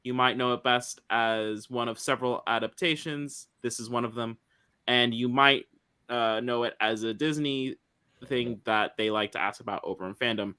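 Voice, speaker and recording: Bright-voiced weary male podcast host. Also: medium pitch, moderate pace, clear, resonant tone. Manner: weary, rambling, self-mocking. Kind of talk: casual podcast chat.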